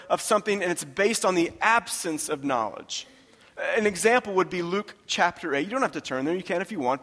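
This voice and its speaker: A man's voice: high voice, a bit bright, long reverb tail. A man preaching a sermon, talking in a conversational, emphatic way and repeating his phrases for weight. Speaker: pastor.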